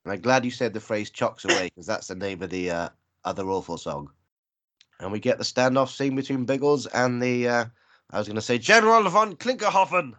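A man's voice: fairly low pitch, brisk. A man making dry, wry comments in a casual chat about a film. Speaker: film podcast co-host.

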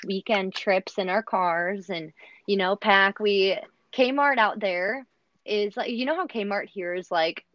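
A former au pair, here as a guest, this young American woman has a mid-range voice. She chats casually and animatedly, telling stories with plenty of fillers, in a dull, dry lo-fi recording.

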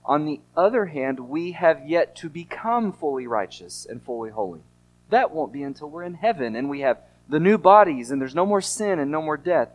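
Male pastor, fairly high voice, earnest emphatic sermon delivery with rhetorical questions. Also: lively intonation, moderate pace.

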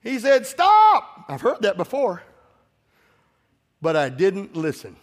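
A man preaches in a high, bright register, exhorting his congregation and calling for them to answer him. He moves between scripture and personal stories. His voice carries a long reverb from the large church sanctuary. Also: big pitch swings, a little slow. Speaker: pastor. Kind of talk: sermon.

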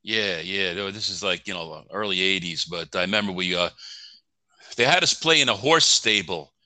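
A man speaks in a relaxed, halting manner, often trailing off. His voice is fairly low yet very bright and sharp, recorded close and dry. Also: dry recording. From United States. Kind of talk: casual conversation.

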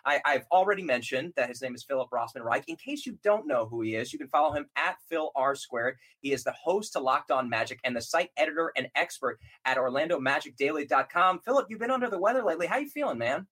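A man's voice: mid-range voice, fairly quick, hardly any pauses, sharp tone. A man hosting a basketball podcast, chatty and upbeat, introducing his guest. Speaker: podcast host. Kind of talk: casual sports podcast chat.

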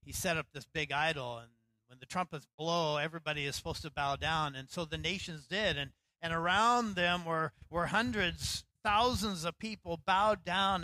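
Animated storytelling man pastor, bright voice. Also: fairly high pitch, dry recording, poor audio. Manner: storytelling, animated, acts out quotes. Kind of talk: sermon.

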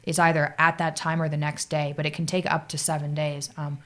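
Low-voiced woman telling a story. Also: flat delivery. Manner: halting, filler-heavy, lots of "like". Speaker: podcast guest. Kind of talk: casual storytelling in conversation.

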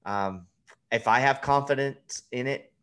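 A man's voice: mid-range voice, a little slow, fairly bright tone. A man in his thirties on a podcast, talking bluntly and swearing freely in casual chat. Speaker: podcast guest, fantasy baseball analyst.

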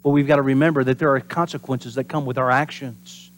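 A pastor delivering a sermon in an animated preaching manner. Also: male voice, medium pitch, fairly quick. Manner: animated preaching, acts out voices and drops to whispers for emphasis.

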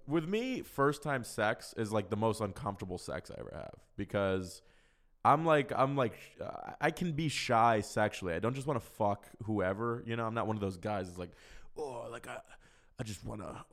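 A man's voice: medium pitch, a bit bright. Guy doing a solo podcast, swears a lot, super blunt, rambly casual chat. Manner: frank, profane, rambling with fillers. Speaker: podcast host. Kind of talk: casual solo chat answering listener questions.

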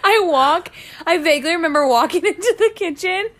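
A woman's voice: very high voice, brisk. A woman co-hosting a podcast, chatting casually and telling stories with lots of giggling. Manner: giggly, animated storytelling with frequent laughter. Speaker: podcast co-host. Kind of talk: casual chat.

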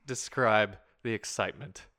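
A man in casual conversation about a film, excitable and laughing often, quoting lines from the movie. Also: lowish voice, normal speed. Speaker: movie fan discussing a film. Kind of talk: casual chat.

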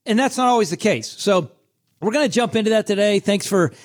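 A middle-aged man with a hoarse, scratchy voice, hosting a casual solo podcast in a chatty, self-deprecating way. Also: sits high, lively intonation, a little fast. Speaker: podcast host.

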